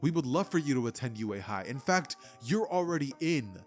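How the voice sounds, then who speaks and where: A man's voice: mid-range voice, big pitch swings, fairly quick, faint music behind, lightly acted. A man doing a formal, courteous principal. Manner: formal, courteous, a bit grand. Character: polite, scheming small school principal.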